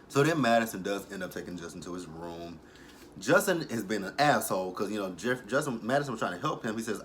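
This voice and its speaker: A young adult man giving a casual, profane recap of a TV episode. He tells it as an animated story and breaks into laughter often. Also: lowish voice, fast, a little hiss or hum. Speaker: TV episode reviewer.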